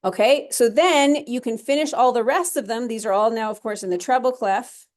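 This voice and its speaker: Woman, music theory teacher, fairly high voice, chatty walkthrough, corrects herself as she goes. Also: moderate pace, darkish tone. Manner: chatty, talks through steps as she clicks, self-correcting. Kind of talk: recorded screen-share lesson.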